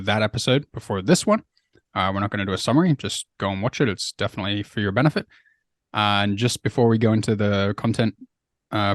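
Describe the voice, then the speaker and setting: A man's voice: lowish voice, no echo, clean studio sound. A man co-hosting a podcast, chatting casually, with lots of "uh" fillers and easy laughter. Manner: laughs easily, asks questions, uses many fillers. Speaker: podcast co-host. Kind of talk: casual chat.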